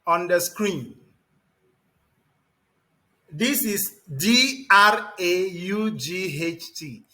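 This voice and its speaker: A man teaching English pronunciation to a class, repeating words slowly and emphatically and calling on students by name. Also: high-pitched, lively intonation, sharp tone. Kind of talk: classroom lesson.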